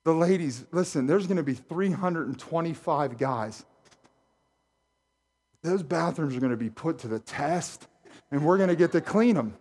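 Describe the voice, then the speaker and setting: A middle-aged man preaching a sermon as pastor, animated and jokey, talking straight to his congregation in a church. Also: a little high, moderate pace, breathy edge. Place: church sanctuary.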